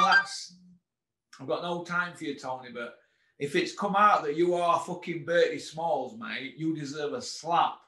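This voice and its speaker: A man's voice: on the high side, bright, forceful tone. A middle-aged man, hosting a casual boxing rant full of sarcastic, mocking rhetorical questions. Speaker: boxing commentator host. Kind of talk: ranting casual monologue. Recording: roomy echo.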